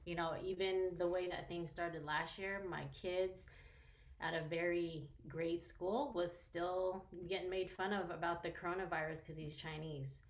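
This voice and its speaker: Chinese american woman talking from the heart, lowish voice, roomy echo. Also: little pitch movement, a little slow. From United States. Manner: earnest, emotional, many "um"s. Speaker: panel guest. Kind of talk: emotional public conversation.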